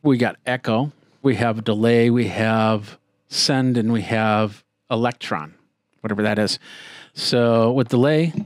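A man giving a casual product demo, explaining each control step by step in a relaxed, chatty way. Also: medium pitch, unhurried, dry recording, clean studio sound. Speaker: tech reviewer.

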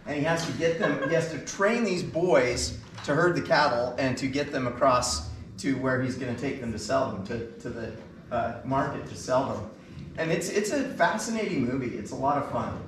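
A man's voice: medium pitch, expressive, moderate pace, noisy background. Enthusiastic man telling stories in an echoey hall. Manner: enthusiastic anecdotal storyteller, many fillers. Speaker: band concert speaker. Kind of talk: storytelling from stage. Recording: echoey hall, mic at a distance.

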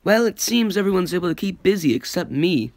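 A man's voice: sits high, expressive, fairly quick, dry recording, studio quality, voice pushed up. A man voicing an eager, polite young engine who is keen to work. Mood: glum. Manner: polite, keen, a bit pleading.

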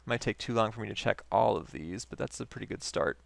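A man's voice: lowish voice, fast, creaky, no room sound. A young man hosting a game video, chatting casually and reacting as he plays. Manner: chatty, reacts while playing. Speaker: game host.

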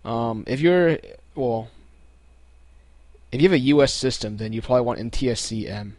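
A relaxed young man, medium in pitch and normal in pace, hosts a casual step-by-step computer tutorial recorded from his screen. The audio has no echo, and he frequently says um and starts sentences over.

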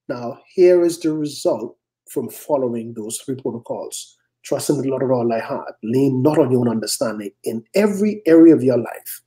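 A male pastor preaching a sermon, emphatic, swinging into quick acted-out prayers and sharp rising challenges. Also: mid-range voice.

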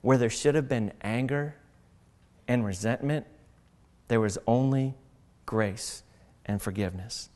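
A male pastor giving a sermon, reading scripture aloud and then preaching with animated, acted-out voices. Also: mid-range voice, measured pace, in a large hall. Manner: animated, acts out mocking voices.

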